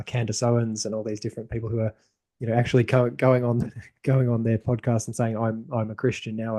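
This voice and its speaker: A man's voice: medium pitch, warm tone. A man hosting a podcast conversation, talking thoughtfully in a loose, rambling way with frequent restarts. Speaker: podcast host. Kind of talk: casual conversation.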